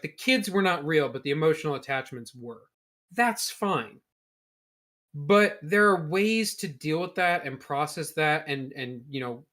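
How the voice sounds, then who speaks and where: A man's voice: fairly high pitch, a bit bright. A man co-hosting a podcast in casual chat, explaining at length in a blunt way and swearing freely. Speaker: podcast co-host.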